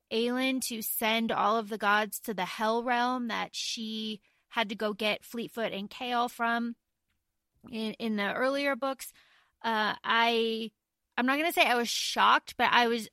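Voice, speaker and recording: A woman's voice: on the high side, bright, forceful tone, dry recording. A woman co-hosting a podcast, chatting enthusiastically about a book with casual swearing. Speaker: podcast co-host.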